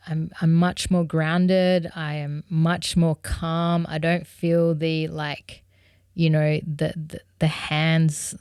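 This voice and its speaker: A musician vlogger, a young woman, shares a personal story earnestly and candidly, often dropping in fillers like "you know." Her low voice is smooth, clear, and somewhat dark. The recording is close and dry, with no room sound.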